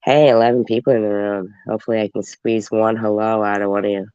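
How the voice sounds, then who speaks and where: A man's voice: on the low side, little pitch movement, quick pace, mellow, smooth, dry recording. A congested man, hosting a livestream and rambling casually to his viewers. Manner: rambling, talks straight to viewers. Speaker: livestream host. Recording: dull lo-fi stream audio.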